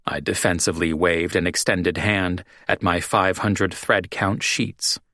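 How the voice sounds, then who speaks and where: A male narrator reads a first-person romance story in a measured, even manner. His voice sits on the low side and moves very slowly. The sound is close and dry. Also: no room sound. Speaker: audiobook narrator.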